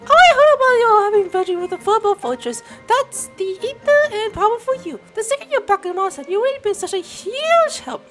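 A woman voicing a cheerful, friendly young female scout in a video game, bright and upbeat. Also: very high voice, lively intonation, fairly quick, few pauses, soft background music. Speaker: game character.

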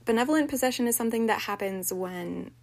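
A woman reading a short story aloud in a measured, unhurried way, then chatting about it afterwards. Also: on the high side, lively intonation. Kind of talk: scripted story narration.

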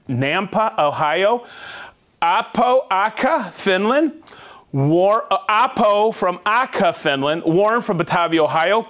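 A man hosting a live tool show, reading out viewer shout-outs in an upbeat, jokey way. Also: high voice. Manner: upbeat, jokey, reads viewer names and places quickly.

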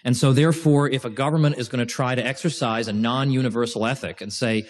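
A man giving an informal lecture to a class, chatty and animated, with restarts and joking asides. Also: mid-range voice, fast talker.

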